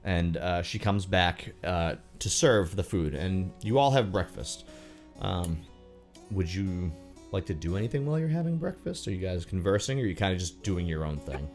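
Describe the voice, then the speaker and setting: A man narrating as game master of a tabletop game, relaxed, with lots of fillers. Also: low voice, normal speed, soft background music.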